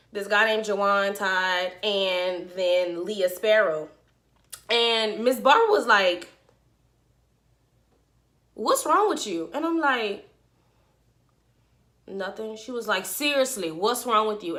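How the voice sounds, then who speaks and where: A young woman talks straight to her viewers in a casual storytime vlog. Her voice sits a little high and sounds bright and forward. She speaks in an animated, slangy way. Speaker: vlogger.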